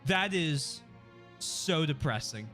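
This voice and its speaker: Man streamer, casual commentary, bright voice, high pitch, chatty asides. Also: animated, slow pace, faint music behind.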